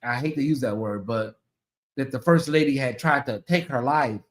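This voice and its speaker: A woman hosting a commentary channel, talking casually to her viewers, animated and repeating herself as she exclaims. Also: rumbling low, moderate pace, roomy sound.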